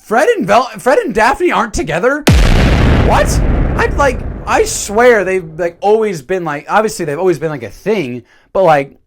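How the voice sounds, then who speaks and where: A man's voice: high-pitched, moderate pace, very noisy. A man reviewing a movie in a casual, jokey commentary. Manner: animated, jokey, slips into silly voices.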